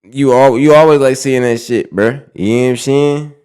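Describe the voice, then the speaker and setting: A man's voice: mid-range voice, steady tone, normal speed, a little mellow, clear, resonant tone. A young man reacting to clips in loose, slangy banter, rambling and restarting as he talks. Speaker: reaction streamer. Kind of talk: casual reaction commentary.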